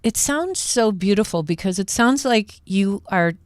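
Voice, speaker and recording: A woman's voice: medium pitch, expressive, measured pace, no room sound, studio quality. Chatty woman host asking eager questions. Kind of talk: casual chat.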